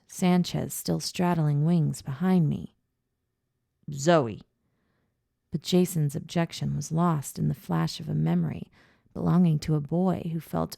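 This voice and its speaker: A woman narrates an audiobook in a measured, low-key voice. It sits low and gravelly with a dark tone. The recording is dry and close. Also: no room sound. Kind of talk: scripted first-person audiobook narration.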